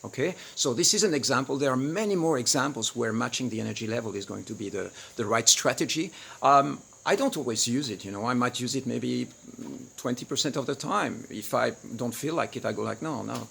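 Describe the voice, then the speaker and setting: A man with a bright, gravelly voice and a husky edge teaches a live webinar on tantra. He speaks casually and acts out arguments in loud, sudden quotes. Crickets chirp faintly in the background. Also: medium pitch, fairly quick. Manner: animated, acts out shouted quotes.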